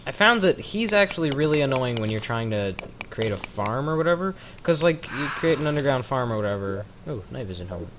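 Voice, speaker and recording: A man's voice: mid-range voice, sing-song, fairly quick, background noise. A man from the American South giving rambling, chatty let's-play commentary with self-mocking asides, talking into a desk microphone. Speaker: gaming commentator.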